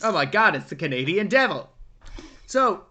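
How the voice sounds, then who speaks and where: A man co-hosting a casual film review podcast, retelling the plot in an animated way and swearing freely. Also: high-pitched, normal speed. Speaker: podcast co-host.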